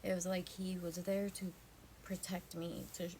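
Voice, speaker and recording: A woman telling a personal spiritual story in an earnest, halting way, sometimes dropping to a hushed near-whisper. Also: lowish voice, flat delivery, a little hiss or hum. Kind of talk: casual personal testimony.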